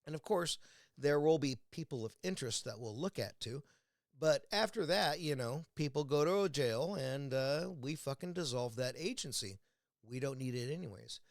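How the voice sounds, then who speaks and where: A man's voice: mid-range voice, animated, moderate pace, no echo, studio quality. A man from the United States delivers a blunt, profane political rant at home over a beer. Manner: angry, blunt, swears constantly. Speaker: vlogger. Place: indoors at home, drinking a beer.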